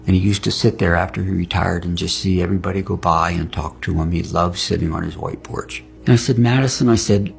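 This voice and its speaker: A man's voice: on the low side, vocal fry. An older man, a military veteran, earnestly recounting a personal near-death experience and reenacting the conversations in detail. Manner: earnest, retells dialogue in detail. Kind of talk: personal storytelling.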